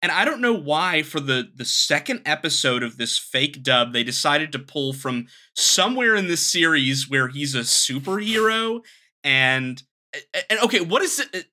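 A man's voice: a little high, sing-song, a little slow, sharp tone. A man co-hosting an anime podcast, chatting casually and joking between checks of his notes. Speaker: podcast co-host. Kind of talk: casual chat.

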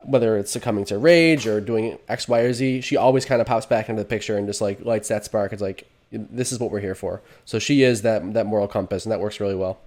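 A man co-hosting a casual podcast chat, talking in a quick, earnest way with fillers. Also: lowish voice, darkish tone. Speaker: podcast co-host.

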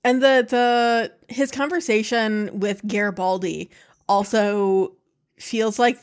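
A woman co-hosting a podcast in casual chat, relaxed and thoughtful. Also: mid-range voice, slow pace, clean tone. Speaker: podcast co-host.

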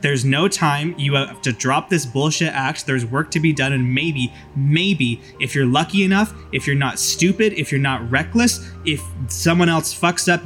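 A man's voice: fairly high pitch, a bit bright, close to an everyday voice. A man doing a severe, cursing warning voice. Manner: blunt, profane warnings. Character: stern man turning harsh and severe.

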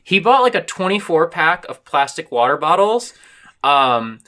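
A woman hosting a podcast in casual comedic chat from a basement, playful and teasing, quick to laugh. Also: low-pitched, very animated, a bit bright. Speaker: podcast host.

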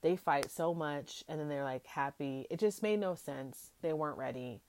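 A young woman hosting a podcast, recapping a reality show in a chatty, animated way and acting out quotes from the cast. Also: sits low, normal speed, a little hiss or hum. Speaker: podcast host. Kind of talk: casual recap chat.

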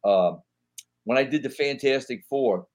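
Ein älterer Mann, der als Gast locker und lebhaft Anekdoten erzählt und dabei oft flucht. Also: male voice, mid-range voice, measured pace. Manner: animated anecdotes, frequent swearing. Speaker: guest actor. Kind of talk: casual storytelling chat.

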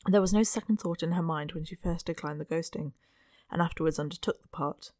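Reader for a classic-novel audiobook: steady, unhurried delivery, mid pitch, bone-dry close mic. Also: no room sound. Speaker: audiobook narrator. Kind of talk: scripted narration of a Victorian novel.

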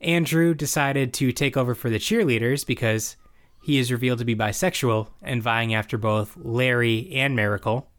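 A man's voice: mid-range voice, moderate pace. Man animatedly recapping a show. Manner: animated recapping, acts out quoted lines. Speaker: podcast co-host recapping a show. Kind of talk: casual chat.

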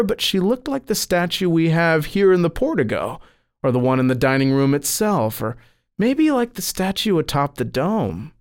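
A man reading a first-person account of a saint's dream as scripted narration, telling it expressively. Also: clean tone. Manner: expressive storytelling, lifting pitch on quoted cries.

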